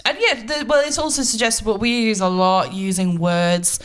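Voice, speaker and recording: A woman's voice: mid-range voice, normal speed, smooth. A woman co-hosting a podcast about teaching music, talking casually and explaining things with lots of fillers. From United Kingdom. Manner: relaxed, explaining with many fillers. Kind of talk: casual chat.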